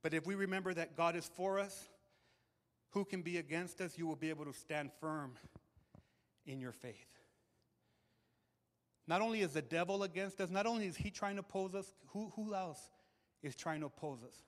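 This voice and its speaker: A male pastor preaching a sermon to a live congregation, emphatic and animated, often repeating words as he builds a point. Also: sits high, moderate pace, pauses often. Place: church hall with audience. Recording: long reverb of a large hall.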